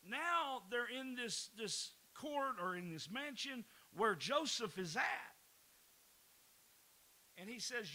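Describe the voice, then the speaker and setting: A pastor preaching a folksy sermon, often repeating words and breaking into laughs. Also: male voice, very high-pitched, big pitch swings, slow, long pauses, pushed and bright, poor audio.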